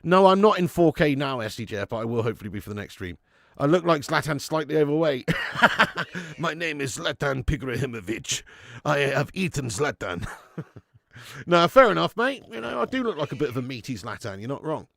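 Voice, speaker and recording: A man's voice: a little high, big pitch swings, a little fast, creaky, fairly bright tone. A man doing a live football watch-along, chatty and sweary, reading out viewer messages on a webcam mic.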